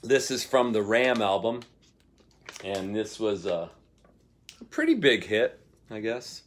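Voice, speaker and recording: A middle-aged man, a singer-guitarist, chatting casually between songs and telling a rambling story with soft laughs. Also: lowish voice, very animated, takes it slowly.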